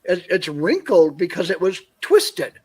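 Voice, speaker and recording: A man from northern Minnesota, a guest, telling an animated story on a video call and acting out what people said. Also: high-pitched, measured pace, husky. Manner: animated anecdote, acts out quoted dialogue. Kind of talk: casual storytelling on a call-in show.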